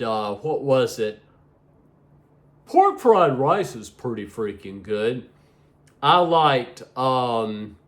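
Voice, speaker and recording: A middle-aged man rambling to his viewers in a casual vlog, sleepy and yawning, often repeating himself. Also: medium pitch. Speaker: vlogger.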